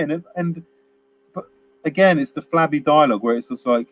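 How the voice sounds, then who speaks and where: A man's voice: a little high, normal speed. A man co-hosting a casual film review chat, rambling and laughing as he acts out quotes. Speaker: podcast co-host.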